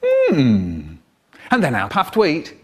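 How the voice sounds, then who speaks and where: A man telling a comic story dramatically, swinging from loud to hushed. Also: medium pitch, big pitch swings, unhurried, husky.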